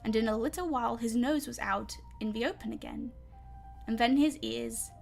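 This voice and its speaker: A woman's voice: fairly high pitch, normal speed, gravelly, darkish tone, soft background music. A woman with a British accent reading a children's story aloud in a chatty way, sometimes tripping over words. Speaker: reader.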